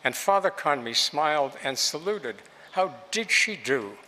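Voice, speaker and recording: A man giving an unhurried, expressive public reading of literary prose, with measured, lilting phrasing. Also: a little high. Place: museum reading space with long reverb. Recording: long hall reverb.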